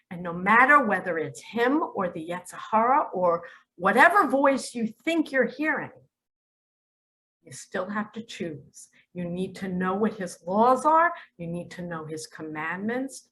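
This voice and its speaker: A woman speaking as a spiritual teacher in a religious monologue, emphatic, with sudden loud and hushed turns. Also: medium pitch, animated, unhurried, low-quality recording.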